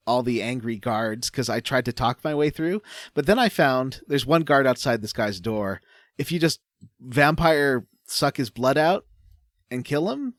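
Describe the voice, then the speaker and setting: Man, podcast co-host, animated intonation, dry close mic, rambling with lots of uh. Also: mid-range voice, no room sound. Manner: rambling, hesitant, lots of uh and restarts. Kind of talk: casual chat about a video game.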